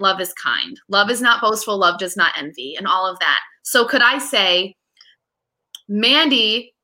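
Casting: woman, 30s, animated interview guest, bright and higher voice, chatty. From United States. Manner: animated, chatty, frequent fillers and restarts. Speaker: guest, real estate agent and mom. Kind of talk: casual interview chat.

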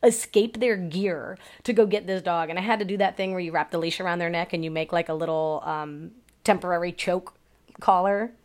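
A woman dog trainer chats casually on a podcast, her voice sitting a little low. She tells stories in a loose, profane way, swearing freely and leaning on "like" and "um". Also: a little fast. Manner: profane, chatty storytelling with many fillers.

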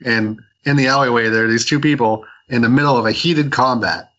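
A man's voice: mid-range voice, brisk, fairly bright tone, highs cut off. A man co-hosting a comic book podcast, retelling a story in a rambling way with many restarts. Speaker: podcast co-host. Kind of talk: casual comic book review chat.

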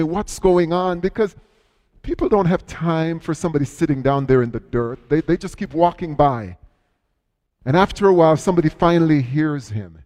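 A man preaches a sermon in a slightly high voice, telling the story with vivid drama. His voice swells and drops sharply, and it rings with the long reverb of a large hall. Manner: storytelling, dramatic shifts in loudness and pace. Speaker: pastor.

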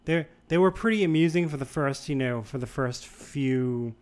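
A young man from the Boston area telling a long anecdote in casual chat, rambling and animated, with many restarts. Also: medium pitch, normal speed, clear, resonant tone. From Boston area, USA.

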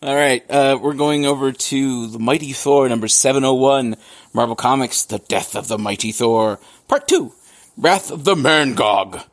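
A man's voice: mid-range voice, moderate pace. A man co-hosting a casual comics podcast, joking, swearing and laughing often. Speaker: podcast co-host reviewing comics. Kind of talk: casual chat.

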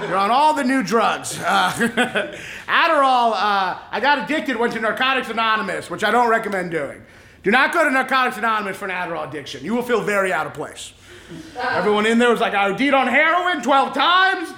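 A man in his thirties from Kentucky doing a deadpan, self-mocking stand-up set and chatting with the crowd. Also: sits high, a little fast, gravelly. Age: 30s. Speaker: stand-up comedian. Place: comedy club stage. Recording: echoey club, audience laughter.

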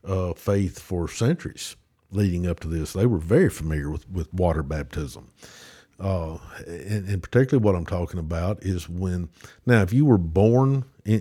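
A man's voice: deep voice, warm tone, husky. A man with a Southern US accent explaining a religious topic as a podcast guest, with many restarts and fillers. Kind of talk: casual theological discussion.

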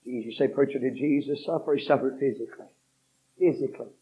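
A man preaching a fiery revival sermon, telling a story that builds from low, quick talk to shouted repetition. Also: husky. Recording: dull lo-fi sermon recording.

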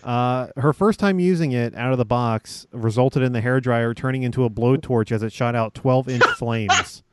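A man hosting a casual podcast, reading out odd news stories with frequent pauses. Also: medium pitch, a little hiss or hum. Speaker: news-story host.

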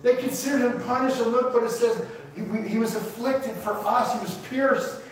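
In a church sanctuary, a pastor with a very high-pitched voice preaches an emotional sermon, repeating and building his points with emphasis at a moderate pace. The recording is echoey, as if heard from far off in a hall.

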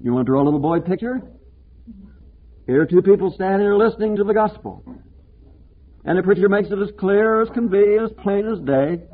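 Impassioned preacher on a tinny recording. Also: male voice, high voice, lively intonation, brisk, long pauses. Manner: impassioned preaching, swinging between emphatic and hushed. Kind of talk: sermon.

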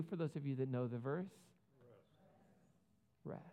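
A man's voice: medium pitch, expressive, unhurried, creaky, long pauses. A man preaching a sermon in a conversational, earnest way, with casual asides and rhetorical questions to the congregation. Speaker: pastor. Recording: muffled sound with long hall reverb.

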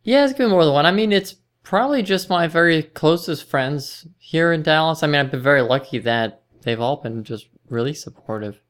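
A woman's voice: deep voice, lively intonation, normal speed, few pauses. A woman in her thirties being interviewed in casual chat, talking hesitantly with many fillers and restarts. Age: 30s.

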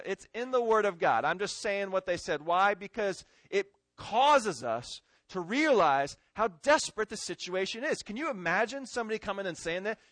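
Male pastor, high voice, dry close sound, chatty folksy sermon, checks in with listeners. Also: a bit bright, no echo.

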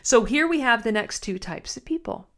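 Woman podcast host, reflective talk, halting delivery. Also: a little high, expressive, pushed and bright. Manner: thoughtful, halting, many restarts. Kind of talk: reflective spoken commentary.

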